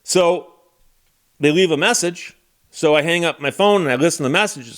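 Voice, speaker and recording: Middle-aged guy, kinda high voice, lawyer telling a story, wry and fed up. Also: normal speed, fairly bright tone. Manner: exasperated, wry storyteller who acts out quoted dialogue. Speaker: lawyer and channel host. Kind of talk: casual storytelling monologue.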